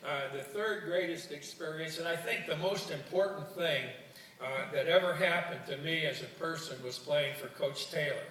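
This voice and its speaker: A man's voice: fairly high pitch, normal speed, a bit bright. An older man from Ohio, a former coach, giving a folksy luncheon speech with jokes and stories, often repeating words as he restarts. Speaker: guest speaker, former coach. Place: university student union luncheon hall. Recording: roomy hall, distant mic, faint room noise.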